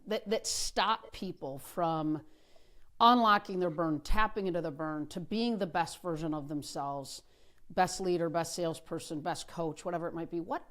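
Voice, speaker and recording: A middle-aged woman hosts a podcast interview in a somewhat low voice. She talks in an encouraging way and affirms her guest often before she asks her questions. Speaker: podcast host.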